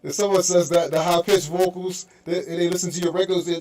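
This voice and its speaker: A man's voice: high-pitched, little pitch movement, a little fast, a little mellow. A man hosting a radio show, chatting casually and animatedly with his guest, laughing and mimicking voices. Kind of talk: casual interview chat.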